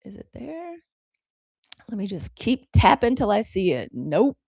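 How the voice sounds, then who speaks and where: A woman's voice: medium pitch, very animated, measured pace, vocal fry, a little mellow, no room sound, studio quality. An American woman hosting a live stream, chatting casually with viewers and talking through the app controls as she goes. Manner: chatty, fumbling aloud with app controls, addressing viewers as y'all. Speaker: livestream news host.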